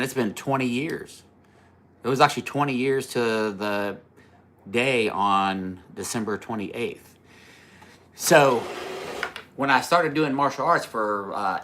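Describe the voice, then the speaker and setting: A man's voice: mid-range voice, a bit bright, a little hiss or hum. A man hosting a casual livestream, rambling through a story, laughing at his own jokes and answering viewer comments. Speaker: livestream host.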